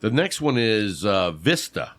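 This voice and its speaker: A man with a fairly low voice runs a playful quiz in a casual podcast chat, calling out "bam" when his co-host gets one right. The sound is dry and close, with no room echo. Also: big pitch swings, unhurried. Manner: playful quizmaster, shouts "bam" on right answers. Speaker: podcast co-host quizzing on cigar terms.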